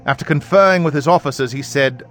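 A man reading scripture aloud in a measured, even voice. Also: fairly high pitch. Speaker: Bible reader. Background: faint background music.

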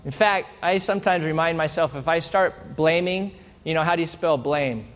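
A man with a high voice preaches to a congregation in a playful, animated way, acting out short exchanges to make each point. His voice carries a long reverb, as in a large hall. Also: moderate pace. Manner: animated, playful, acts out little quoted exchanges. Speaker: pastor. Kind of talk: sermon.

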